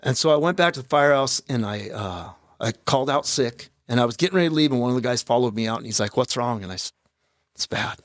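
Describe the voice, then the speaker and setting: A man in his fifties, a podcast guest, telling his own story in a raw, halting way with blunt profanity. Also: mid-range voice, animated, no echo, studio quality. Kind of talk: candid personal storytelling in an interview. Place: podcast studio. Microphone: studio microphone.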